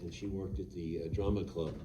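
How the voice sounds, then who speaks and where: A film director talking at a live Q&A in a cinema, halting and full of fillers and restarts. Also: male voice, deep voice, level tone, recorded from a distance, noisy background. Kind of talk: on-stage Q&A.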